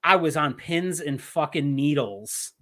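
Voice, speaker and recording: A young adult man co-hosting a casual wrestling podcast, talking in an animated, emphatic way with plenty of swearing. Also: fairly high pitch, measured pace. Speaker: podcast co-host.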